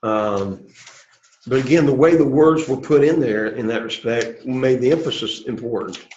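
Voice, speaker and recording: A man teaches a Greek class in a classroom lecture, explaining at length and frequently checking in with "okay" and "all right." His voice is medium-pitched, moderately paced and a little mellow. The echoey classroom gives a dull lo-fi sound with slight background noise.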